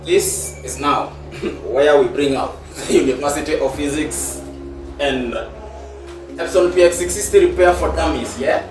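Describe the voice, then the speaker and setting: A Kenyan man vents in frustration while filming his vlog, standing back from the mic in a roomy, echoing space. Music plays clearly behind him. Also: fairly high pitch, a little slow, far from the mic. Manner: frustrated venting, mixing English and Swahili. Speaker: vlogger. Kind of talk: casual on-location vlog talk.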